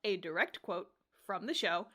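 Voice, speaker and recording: A young woman co-hosting a podcast, casually recapping an anime episode with animated storytelling, acting out characters' lines, laughing and swearing. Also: fairly low pitch, moderate pace. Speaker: podcast co-host reviewing anime.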